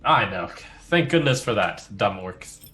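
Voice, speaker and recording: A player in a tabletop role-play talks hesitantly, trailing fillers. His voice is mid-pitched but lively in its rise and fall. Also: measured pace.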